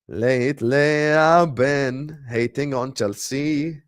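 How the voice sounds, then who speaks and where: A young man with a fairly high voice hosts a casual fan livestream, animated and teasing. He lurches from loud outbursts to hushed, mock-secretive asides. The sound is dry and close to the mic. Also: normal speed, dry recording. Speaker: football livestream host.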